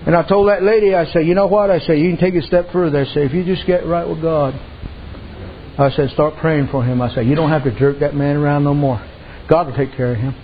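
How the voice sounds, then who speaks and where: A man's voice: fairly high pitch, steady tone, fast talker, slight background noise. A man preaching a sermon, telling folksy stories and dropping repeated amens. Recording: dull lo-fi recording.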